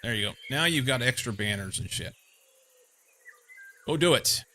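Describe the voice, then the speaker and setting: A man's voice: mid-range voice, lively intonation, moderate pace, sharp tone, slight background noise. A young man from Missouri streaming a game, chatting casually and rambling with lots of fillers. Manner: rambling, meandering, many fillers. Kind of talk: casual chat while playing a game.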